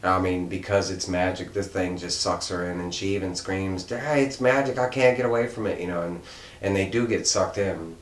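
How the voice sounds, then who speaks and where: Rambling low-voiced man in an echoey room. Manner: rambling, many fillers and restarts. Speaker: comic book reviewer. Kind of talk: casual unscripted review. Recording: roomy echo, faint background noise.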